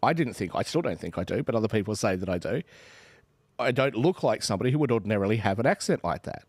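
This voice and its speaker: A man's voice: on the low side, fast talker, breathy edge, no echo. An Australian man in his forties, a finance trader arguing his point animatedly on a discussion panel. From Western Australia. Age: 40s. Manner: animated, argumentative, acts out imagined exchanges.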